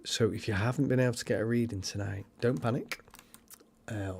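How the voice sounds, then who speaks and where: A man's voice: mid-range voice, fairly even intonation, fairly quick, gravelly, darkish tone, slightly rough. A man hosting a paranormal livestream, chatting casually and rambling as he reads cards and comments. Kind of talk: casual live-stream chat and card reading.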